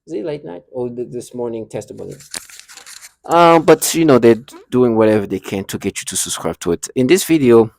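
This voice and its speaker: A man talking to camera in a rambling, halting monologue, restarting and repeating himself often. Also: mid-range voice, gravelly, a little mellow, no room sound, studio quality. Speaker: vlogger.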